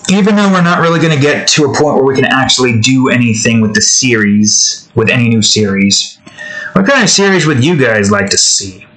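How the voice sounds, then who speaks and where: A young man talks casually into a desk mic while drawing, his voice bright and forward. He rambles from one thought to the next, cracks silly jokes, and cuts himself off mid-sentence. Every so often he breaks into a few off-key lines of song before going back to chatting. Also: mid-range voice, expressive, a little slow, poor audio. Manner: rambling, joking, self-interrupting, sings snatches off-key. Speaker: art streamer.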